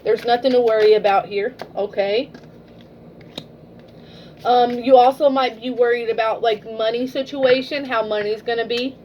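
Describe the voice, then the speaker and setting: A woman's voice: a little high, fairly even intonation, moderate pace, highs cut off, slight background noise. A woman giving a casual tarot reading, blunt and swearing freely, often ending a point with "okay?". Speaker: tarot reader.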